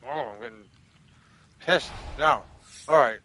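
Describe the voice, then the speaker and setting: A man's voice: a little high, normal speed, sharp tone, poor audio. A man casually commentating a golf video game, joking and cursing back at the game's commentators. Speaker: gaming streamer. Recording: game crowd and noise behind. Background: golf game crowd ambience.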